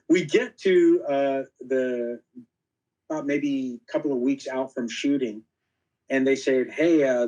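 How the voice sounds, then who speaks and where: A man in a relaxed podcast interview, telling stories with energy and a voice of middling pitch. He jumps into quoted dialogue and plays each speaker's part as he goes. His talk is full of casual fillers. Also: rough recording. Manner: animated anecdotes, acting out quoted dialogue; frequent fillers like "you know". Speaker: podcast guest.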